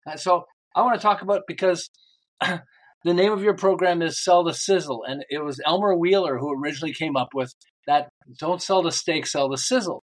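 Older man, slightly high, animated podcast guest telling sales stories. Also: fairly quick. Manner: animated storyteller acting out quoted lines. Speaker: guest, book author. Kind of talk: storytelling in a podcast interview.

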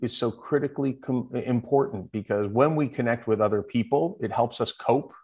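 A man's voice: medium pitch, moderate pace, a little mellow, breathy edge. A man as a podcast guest, talking earnestly about the value of connection in casual chat.

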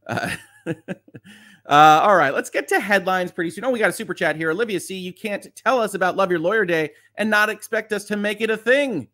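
Middle-aged male host, quick chatty delivery, slightly higher voice, casual livestream reading viewer comments. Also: sharp tone. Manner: fast-talking, chatty, reads comments aloud.

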